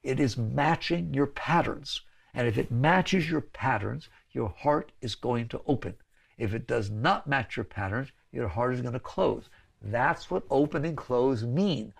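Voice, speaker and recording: A man's voice: mid-range voice, a little slow, gravelly, slightly rough. A man teaching a spiritual talk to an audience, conversational, often checking in with "right?" and "okay?" and laughing between points.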